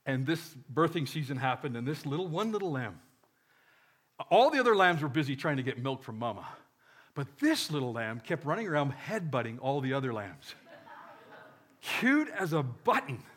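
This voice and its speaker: A man's voice: medium pitch, sing-song, normal speed, fairly bright tone, husky. A man preaching a sermon, reading scripture with joking asides and leading the congregation in call-and-response. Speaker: pastor.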